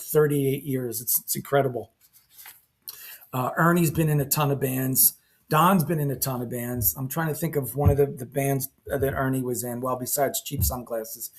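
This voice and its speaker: Older guy in a chair rambling through band stories, fairly high voice, acts out the sounds. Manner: rambling, animated anecdotes with sound effects. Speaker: band guitarist. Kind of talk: casual storytelling to camera. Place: seated in a chair indoors.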